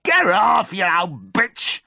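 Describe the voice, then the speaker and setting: A man putting on a sour, grumbling old farmer, blunt and quick to swear. The voice sits low and gruff but swings widely. It is recorded close and dry, with no room sound. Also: expressive, no room sound, full character voice. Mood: yelling in pain. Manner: blunt, bad-tempered, swearing.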